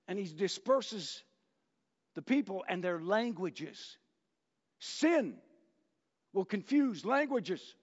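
A man preaching a sermon as pastor, talking to the congregation in a conversational, animated way and acting out quotes. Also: sits high, takes it slowly, long pauses. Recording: echoey hall, dull lo-fi sound.

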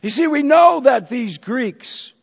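A man's voice: very high-pitched, expressive, slow, creaky, husky. A man preaching a sermon and telling a story, acting out the voices of its characters. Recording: dull hall echo.

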